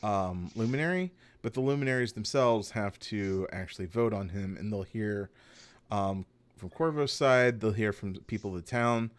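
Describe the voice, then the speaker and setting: A man's voice: fairly low pitch, normal speed. A man running a tabletop game as game master, recapping the story and explaining the rules in a loose, chatty way with frequent self-corrections.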